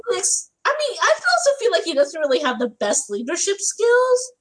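A woman's voice: extremely high pitch, huge pitch swings, a little fast, a little hiss or hum, low-quality recording. A woman co-hosting a casual chat, sharing blunt opinions about a TV episode. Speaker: podcast co-host.

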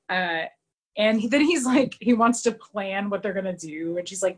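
A woman's voice: mid-range voice, a little slow, long pauses, husky, poor audio. Chatty woman recapping an episode, lots of "like", acts out the lines. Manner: chatty, retells scenes with lively quoted voices, many "like" fillers. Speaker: podcast co-host recapping a TV episode. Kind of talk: casual chat.

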